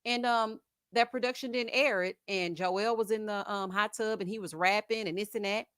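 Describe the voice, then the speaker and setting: A woman hosts a casual live chat and answers viewer comments with lively gossip. She laughs often and uses plenty of slang. Her voice sits in a middle pitch, and it is recorded dry and close to the mic. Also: normal speed, smooth, no echo. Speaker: host of a live chat stream.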